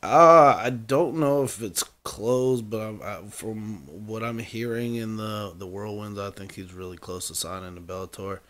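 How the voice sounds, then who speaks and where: A man co-hosting a casual sports podcast, talking in an animated way and laughing often. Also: on the low side, a little slow, few pauses. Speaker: podcast co-host. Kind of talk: casual chat.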